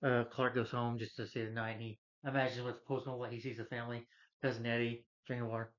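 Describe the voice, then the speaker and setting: A man's voice: medium pitch, little pitch movement, quick pace, muffled recording. A man casually retelling a film's plot in a rambling way as a movie reviewer. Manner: rambling, acts out quotes from the film.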